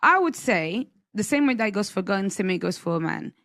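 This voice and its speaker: A woman panelist in a podcast debate, measured but insistent as she makes her case. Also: medium pitch, very animated, a bit bright, dry recording, clean studio sound. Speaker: panel guest. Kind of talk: heated debate.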